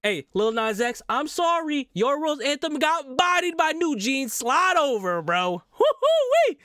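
A man hosting a music video reaction, excitable and quick to shout, with nerdy asides about the game. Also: extremely high pitch. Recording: loud music playing behind the voice.

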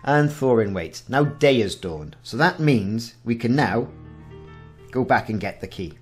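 A man's voice: medium pitch, animated, a little slow, a little mellow, breathy edge, soft background music. A man in his forties hosting a casual game walkthrough, reading the game's text aloud with wry asides. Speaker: gaming channel host.

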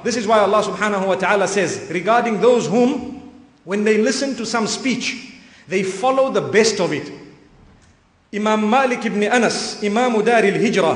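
A man delivers an earnest, emphatic sermon, his voice pitched fairly high for a man. His words ring out with a long reverb through a roomy prayer hall. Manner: earnest, emphatic, with frequent Arabic phrases. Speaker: preacher.

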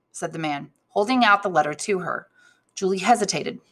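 A woman teacher reads a classic novel aloud, her tone bright and forward with a somewhat low pitch. She reads the narration steadily and lifts her voice noticeably for the characters' speech. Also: brisk. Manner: expressive reading, raises pitch for quoted characters. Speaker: English teacher reading aloud.

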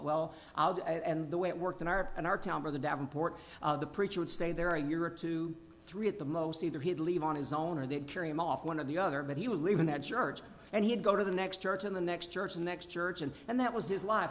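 A man in his sixties with a Tennessee Southern accent delivers a sermon. His voice sits a little high for a man, and he preaches in an emphatic, down-home way, with self-deprecating humor. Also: gravelly, a bit bright. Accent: Southern American. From Tennessee, USA. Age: 60s.

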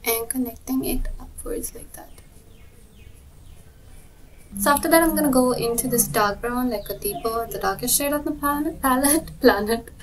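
A young woman telling a rambling story time while doing her makeup, full of "like" and lively retelling. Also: on the high side, a little fast, few pauses, distant mic, slight background noise, poor audio. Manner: rambling, lots of "like", animated retelling. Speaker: beauty vlogger.

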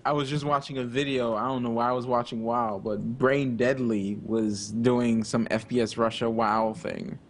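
A man chatting casually on a podcast, halting and repeating words. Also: mid-range voice, fairly even intonation. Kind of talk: casual chat.

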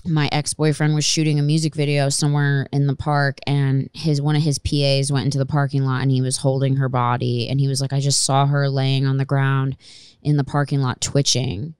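A woman hosting a podcast, telling a story in casual chat, animated and full of fillers. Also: very deep voice, fairly quick, clear, resonant tone, no echo, clean studio sound. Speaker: podcast host.

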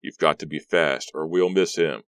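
A man with a deep voice, reading an audiobook, voicing a daring, confident teenage boy. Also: moderate pace, clear, resonant tone, no echo, studio quality. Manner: calm, defensive.

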